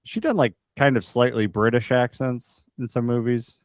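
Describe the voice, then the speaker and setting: A man's voice: mid-range voice, fairly even intonation, moderate pace, dry recording, studio quality. A man co-hosting a podcast, chatting casually about movies and often repeating words as he starts a sentence. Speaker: podcast co-host. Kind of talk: casual movie review chat.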